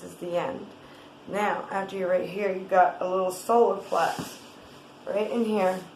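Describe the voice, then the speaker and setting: A woman guiding a tapping exercise in a gentle, rambling way, with many fillers and restarts. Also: medium pitch, roomy sound, a little hiss or hum, rough recording. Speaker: wellness guide.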